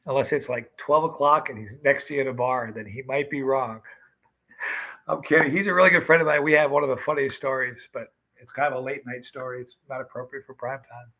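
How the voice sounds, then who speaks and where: A man's voice: medium pitch, steady tone, brisk, sharp tone, poor audio. Chatty fifty-something man hosting a livestream. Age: 50s. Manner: chatty, greets viewers by name. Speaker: livestream host. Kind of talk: casual livestream chat.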